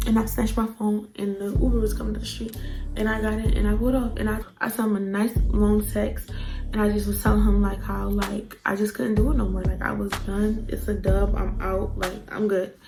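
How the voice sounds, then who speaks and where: A young woman tells a storytime vlog with blunt, profane energy and acts out every quoted outburst. Her pitch sits in the middle range. Music plays clearly underneath her voice. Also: low-quality recording. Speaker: vlogger.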